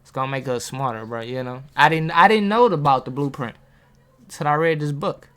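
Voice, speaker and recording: A man giving a casual motivational talk to viewers. He uses street slang, asks them questions and gets hyped, with big jumps in pitch. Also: a little fast, fairly bright tone, clean tone. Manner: talks straight to viewers, asking questions. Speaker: motivational vlogger.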